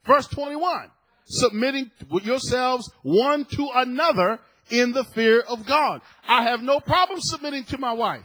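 A man's voice: very high-pitched, unhurried, fairly bright tone, no echo, rough recording. A male pastor preaching a sermon emphatically, often chuckling and putting questions to the congregation.

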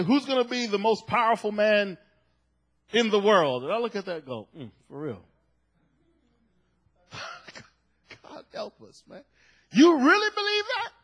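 A man preaching a sermon as pastor of his church, joking with the congregation and rising to shouted emphasis. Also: sits high. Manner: jokey, builds to shouted emphasis.

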